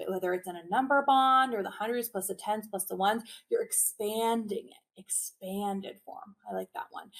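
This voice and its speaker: A woman teacher giving a webinar demonstration, animated and drilling phrases in a sing-song call-and-response. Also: medium pitch. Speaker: early childhood teacher presenting a webinar. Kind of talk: teacher demonstration with chants and repetition.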